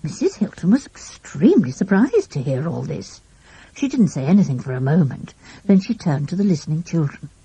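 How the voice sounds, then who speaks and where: Storybook narrator, woman, animated reading, mellow husky tone. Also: low-pitched, a little fast, no echo, poor audio. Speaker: audiobook narrator.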